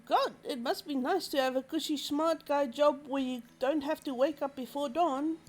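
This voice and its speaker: A woman's voice: sits high, moderate pace, pitched above the performer's own voice, close to an everyday voice. A woman voicing a big, brash male sailor who teases his friend, read aloud from a visual novel. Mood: teasing. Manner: brash, teasing.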